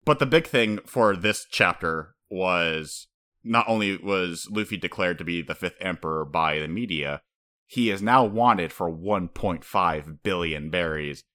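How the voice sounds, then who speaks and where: A man co-hosting a casual chat, excitable and swearing freely, sometimes acting out characters. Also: sits low, a little slow. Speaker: podcast co-host.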